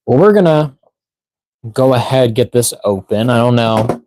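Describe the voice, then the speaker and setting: A man's voice: mid-range voice, measured pace, a little mellow. Tired rambling man on a live stream. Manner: rambling, filler-heavy, reads chat aloud. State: tired, yawning, out of breath. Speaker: toy unboxing live streamer. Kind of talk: casual live stream chat.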